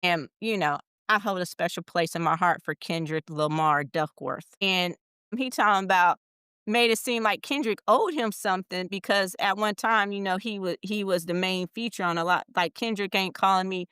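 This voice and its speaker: Woman, podcast co-host, blunt, slangy, very smooth clear voice, dry sound. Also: lowish voice, moderate pace, dry recording. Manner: blunt, slangy and animated, with exasperated asides. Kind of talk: casual chat.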